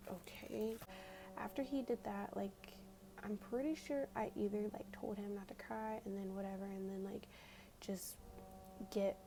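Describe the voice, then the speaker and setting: A woman's voice: medium pitch, vocal fry, background noise. A young woman telling a story in whispered ASMR storytime, chatty and full of fillers, close to the mic at home. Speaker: ASMR creator.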